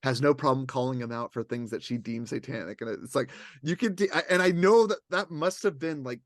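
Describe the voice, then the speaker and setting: A man's voice: medium pitch, no echo, studio quality. A man co-hosting a casual chat, rambling and acting out what others said. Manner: animated, rambling, acts out others' lines. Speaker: podcast co-host.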